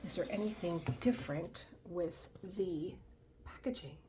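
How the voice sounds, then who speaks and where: A middle-aged woman hosting her own craft channel, chatting excitedly through an unboxing, trailing off mid-sentence and dropping to a whisper in awe. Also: lowish voice, a little slow, noisy background. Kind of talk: casual unboxing chat.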